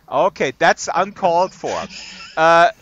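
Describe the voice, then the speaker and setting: A male host chatting live with a rowdy group in a virtual world. His voice is bright and forceful, sitting a little high, and he jokes and teases freely. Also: muffled recording, slight background noise. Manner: playful, joking, rowdy. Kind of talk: casual live stream chat.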